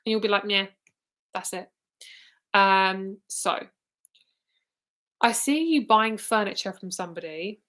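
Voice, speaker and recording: Here is a chatty woman reading tarot live, blunt and quick to laugh. She sounds tired and keeps yawning between cards, yet stays eager. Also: mid-range voice, lively intonation, a bit bright. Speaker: tarot reader.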